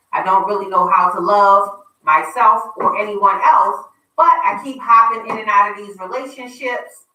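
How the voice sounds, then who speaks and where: A woman hosts a casual radio talk show, chatty and teasing as she plugs an upcoming event. Her voice is bright and forceful. It sounds roomy, as if she sits a bit back from the mic. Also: mid-range voice, far from the mic. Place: radio studio.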